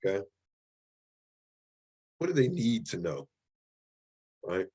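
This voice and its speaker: A man's voice: sits low, very animated, takes it slowly, mellow, husky. Guy teaching a writing class, casual lecture, keeps saying okay and right. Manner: repetitive, checks in with "okay?" and "right?". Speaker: writing instructor.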